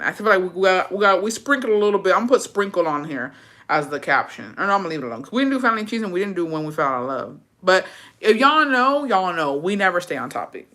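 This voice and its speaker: A young woman hosting a livestream, telling a story in a rapid, profane, casual way and dropping in Spanish words. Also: lowish voice, fairly bright tone. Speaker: livestream host.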